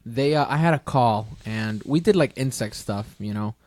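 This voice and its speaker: A man's voice: mid-range voice, moderate pace, a little mellow, dry recording. A man co-hosting a podcast, telling a funny work story in casual chat and acting out the people in it. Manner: laughing storyteller, acts out callers. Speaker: podcast co-host.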